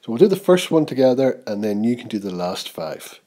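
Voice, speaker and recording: A man teaching a grammar lesson, reading example sentences slowly and with emphasis. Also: medium pitch, sing-song, mellow. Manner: slow, clear, reads example sentences aloud with emphasis.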